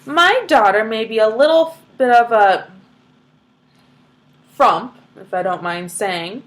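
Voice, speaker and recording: A woman's voice: on the high side, slow, a bit bright. A woman reading aloud, voicing a stuffy, pompous wealthy father who complains formally. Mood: indignant.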